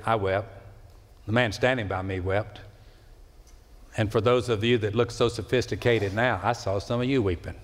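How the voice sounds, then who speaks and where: A pastor preaching to his congregation, his voice rising into loud high calls and then sinking low and quiet. He draws out key words slowly, and his voice rings out through the long reverb of a large church sanctuary. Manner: preaching with sweeping swings in pitch and loudness, slowing for emphasis. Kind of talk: sermon.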